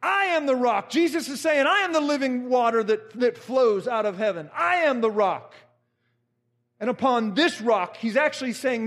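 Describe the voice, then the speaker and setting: A middle-aged man preaching a fervent sermon, repeating phrases and rising to shouts. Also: very high voice.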